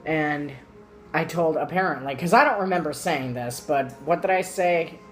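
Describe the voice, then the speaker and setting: A woman's voice: low voice, animated, normal speed, music in the background. A young woman joining a casual chat, dry and profane, interjecting.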